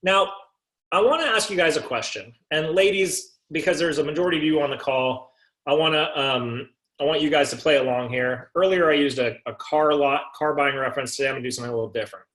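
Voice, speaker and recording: A man's voice: a little high, fast talker, fairly bright tone. A man leading a sales coaching call, asking rhetorical questions and checking in with his listeners. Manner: rhetorical, keeps asking "right?". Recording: echoey room.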